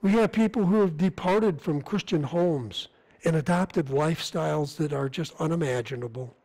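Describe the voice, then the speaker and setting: A man's voice: fairly high pitch, moderate pace, a little mellow, poor audio. A man preaching as a visiting missionary, speaking in an earnest, conversational manner with frequent restarts. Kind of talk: sermon. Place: church sanctuary.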